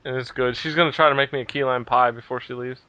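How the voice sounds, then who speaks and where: Bright, crisp-voiced man hosting a podcast. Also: mid-range voice, fast, dry recording. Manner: relaxed, rambling with many fillers. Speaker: podcast host. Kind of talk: casual podcast chat.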